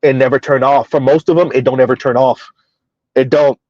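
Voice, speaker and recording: A man's voice: medium pitch, steady tone, brisk, a little mellow, no room sound, muffled recording. A man hosting a casual livestream commentary, emphatic and rambling, chuckling between points. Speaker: commentary channel host.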